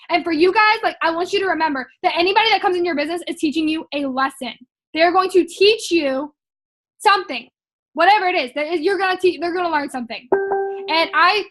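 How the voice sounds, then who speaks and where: A woman's voice: high voice, a bit bright. A young woman, talking through motivational sales-training notes in a casual vlog, chatty and emphatic with lots of "like" and "um". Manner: chatty and emphatic, heavy use of "like" and "um".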